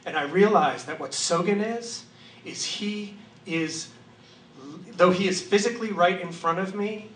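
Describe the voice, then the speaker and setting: A man's voice: fairly high pitch, measured pace, slight background noise. Male storyteller on a distant echoey stage. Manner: vivid, animated, profane, shifts to hushed reverence. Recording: echoey hall from far off.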